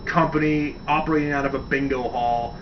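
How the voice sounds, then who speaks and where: A man's voice: mid-range voice, fairly even intonation, brisk. A man hosting a radio segment, chatting enthusiastically and rambling, swearing casually as he tells a story. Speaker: radio show host. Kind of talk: casual wrestling talk segment. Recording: distant dull mic with faint hiss.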